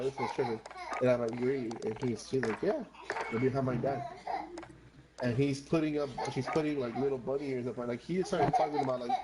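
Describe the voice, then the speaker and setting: A woman's voice: a bass voice, background noise. A woman, telling a long rambling story with lots of swearing and some Spanish while gaming. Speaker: streamer. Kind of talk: casual chat while gaming.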